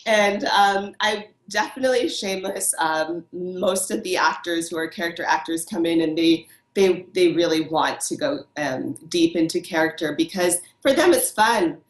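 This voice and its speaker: A woman's voice: fairly low pitch, moderate pace, hardly any pauses. A woman costume designer chatting as an interview guest, bubbly and enthusiastic, laughing often. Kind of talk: casual interview chat. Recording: echoey room.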